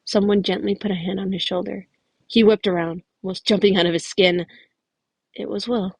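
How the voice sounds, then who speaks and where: A woman's voice: medium pitch, flat delivery, moderate pace, gravelly, slightly rough, no echo, low-quality recording. A woman casually reading fan fiction aloud as a podfic, often correcting herself and adding chatty asides. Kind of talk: podfic narration.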